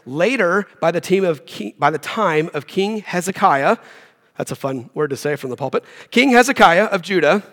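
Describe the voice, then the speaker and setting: Man, guest preacher, high voice, chatty joking sermon, long church-hall echo. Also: fairly bright tone. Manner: casual, joking asides while reading scripture.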